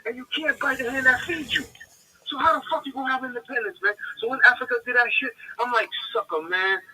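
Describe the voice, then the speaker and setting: A man's voice: very high-pitched, fairly even intonation, fast talker, pushed and bright, a little hiss or hum, poor audio. A man calling in by phone and ranting, profane and emphatic. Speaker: caller on a phone-in show. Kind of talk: heated casual ranting. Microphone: phone line.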